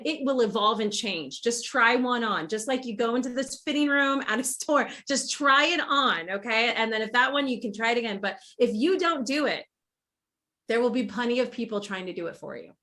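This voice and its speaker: A woman guest on a podcast, talking in animated, run-on sentences full of fillers and restarts. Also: on the high side. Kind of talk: casual podcast conversation.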